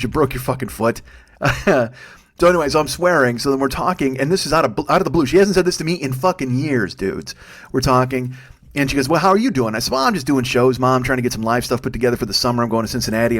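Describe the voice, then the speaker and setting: A man in his fifties hosting a solo comedy podcast, rambling and self-mocking with heavy swearing. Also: medium pitch. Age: 50s.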